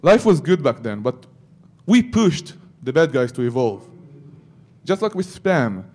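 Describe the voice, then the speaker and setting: A man's voice: mid-range voice, big pitch swings, unhurried, a little mellow. A man giving a security conference talk, breaking into joking asides to the audience. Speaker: conference speaker.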